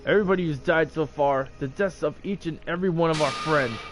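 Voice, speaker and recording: An earnest, defiant young student hero in a game, read by a man in a fairly high voice. He speaks with conviction over faint background music. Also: fast, lightly acted.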